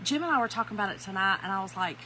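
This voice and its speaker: A woman's voice: medium pitch, expressive, racing, pushed and bright, slight background noise, low-quality recording. A middle-aged woman, hosting a casual craft livestream from home, greeting viewers by name and laughing often.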